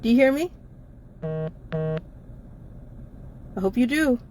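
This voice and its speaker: A woman's voice: a little high, sing-song, takes it slowly, a little mellow, a little hiss or hum. A tired woman co-hosting a live chat, emphatic and repetitive, laughing often and swearing freely. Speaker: co-host of a live chat show. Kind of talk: casual live-stream chat.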